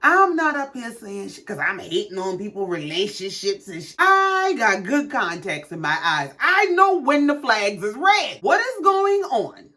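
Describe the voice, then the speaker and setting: A woman's voice: medium pitch, sing-song, a little slow, hardly any pauses, sharp tone. A woman casually recapping a reality show with sassy, profane commentary.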